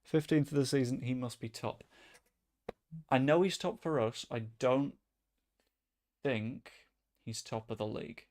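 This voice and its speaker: A man chatting casually as he streams a football management game, rambling and breaking into sudden excited outbursts. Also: mid-range voice, measured pace, long pauses. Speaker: gaming streamer. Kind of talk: casual gameplay commentary.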